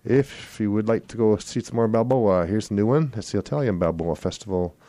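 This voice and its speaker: A man's voice: lowish voice, a little fast, dark tone, no room sound. A man hosting a swing music radio show, reading event listings in a rambling way and correcting his own slips. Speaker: radio host. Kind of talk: casual radio announcements.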